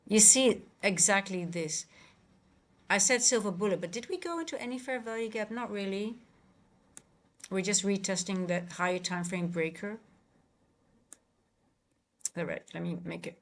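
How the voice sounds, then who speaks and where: A woman's voice: medium pitch, moderate pace, pauses often. Dutch woman, trading streamer, loose chatty delivery, reads chat aloud, fixes her own slips mid-sentence. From Netherlands. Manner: chatty, self-correcting, reads and answers live chat.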